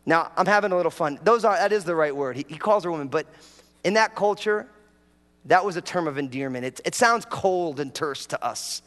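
Animated high-voiced man preaching in a hall. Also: a little fast. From New York. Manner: animated storytelling, acts out prayers in a raised voice. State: a bit dehydrated after travel. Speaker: pastor. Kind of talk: humorous sermon. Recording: hall reverb.

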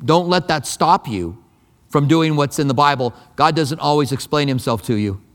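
High-voiced man preaching in a reverberant hall. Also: animated, moderate pace. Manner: conversational, emphatic preaching with repeated phrases. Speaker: pastor. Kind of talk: sermon. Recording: long reverb of a large hall.

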